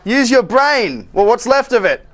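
A man's voice: very high-pitched, very animated, a little slow. A young man hosting a studio scavenger hunt, teasing his co-host and laughing often. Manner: teasing, laughs often, shouts jokey orders. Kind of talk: playful studio banter. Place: TV studio and offices.

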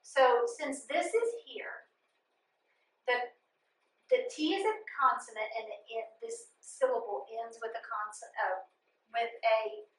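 A woman's voice: on the high side, a little slow, bright, forceful tone, far from the mic. A woman teaching a children's phonics lesson, patiently sounding out syllables and giving step-by-step instructions. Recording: echoey room, voice from off mic.

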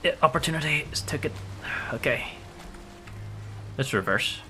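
A man's voice: on the high side, lively intonation, normal speed, sharp tone, faint music behind. A man streaming a game, giving casual gameplay commentary, playful, swearing often and laughing a lot.

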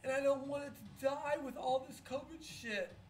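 A woman streamer, drunk and close to tears, talks in a halting, rambling, profane way with many restarts. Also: sits high, darkish tone. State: tearful. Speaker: pinball streamer. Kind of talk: emotional live-stream monologue. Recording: echoey room with faint music. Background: faint music.

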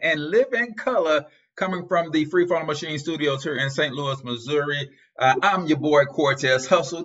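A man's voice: on the high side, a bit bright, lo-fi sound. A man hosting a podcast from a studio, chatting casually and laughing often. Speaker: podcast host. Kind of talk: casual chat.

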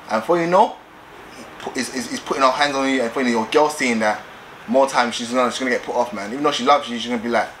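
Brash young vlogger, mid-pitched and insistent, faint background noise. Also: male voice, very fast, a bit bright, poor audio. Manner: assertive, repetitive, streetwise slang. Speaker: vlogger giving dating advice. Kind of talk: casual advice vlog.

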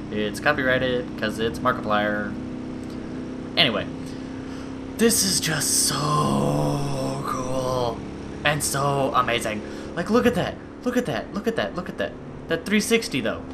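A young man rambling excitedly while playing a video game, gushing over everything he sees. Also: medium pitch, noisy background. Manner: gushing, rambling, quick bursts of enthusiasm. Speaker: gaming YouTuber. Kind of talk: excited gameplay commentary.

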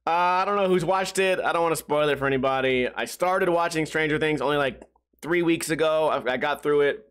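A man's voice: a little high, fairly bright tone. A man hosting a podcast alone, rambling and joking, often trailing off with "like". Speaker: podcast host. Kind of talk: casual solo podcast rant.

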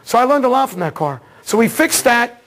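A man teaching an automotive diagnostics seminar, telling a case story in a casual, excitable way and acting out the dialogue. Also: extremely high pitch, fairly quick. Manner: casual slangy talk, repeats words. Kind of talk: seminar lecture.

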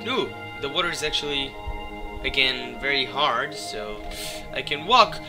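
A man with a hoarse, sick voice doing casual gameplay commentary, excitable and swearing as he talks to things in the game. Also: mid-range voice, unhurried. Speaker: let's play gamer. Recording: game music behind voice. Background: game music.

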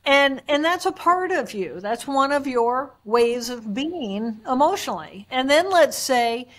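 A woman with a somewhat high voice talks as a guest neuroanatomist. She explains in a lively way and slips into quick acted-out voices to make her points. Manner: animated, acts out examples in voices. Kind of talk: explanatory interview talk.

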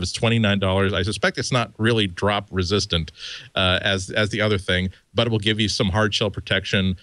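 A man's voice: low voice, a bit bright, no room sound. A man on a tech podcast panel, reviewing gadget cases in casual chat, rambling with frequent restarts and fillers.

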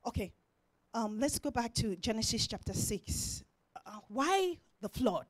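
A woman preaching a sermon in church, swinging from shouted declarations to near-whispers. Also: on the high side, very animated, measured pace, no echo.

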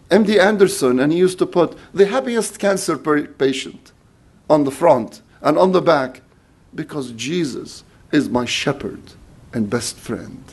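A middle-aged pastor preaches earnestly and conversationally, frequently restarting his sentences. His voice has a fairly high pitch and a darkish tone.

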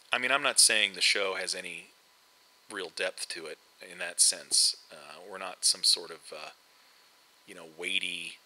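With a low, sharp-toned voice, this middle-aged host chats casually while playing a game. He rambles, full of fillers and restarts, and the recording quality is low.

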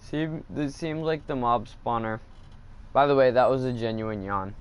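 A man's voice: medium pitch, clear, resonant tone, muffled recording. A man casually commenting while he plays a video game, thinking aloud and getting annoyed at the game. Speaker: gaming video host.

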